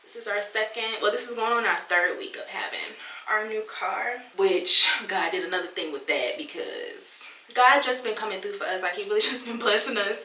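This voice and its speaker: A young woman, telling a story to her viewers in a lively, chatty way and calling them girl and y'all. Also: mid-range voice, normal speed, a little hiss or hum. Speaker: lifestyle vlogger. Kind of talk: casual storytelling to camera. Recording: echoey room, voice a bit distant.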